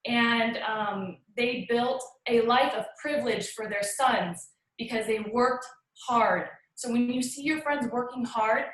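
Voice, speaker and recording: Woman, slightly high voice, earnest and pleading testimony, pauses often, roomy echo. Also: a bit bright. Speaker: guest speaker on a group call. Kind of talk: heartfelt personal testimony.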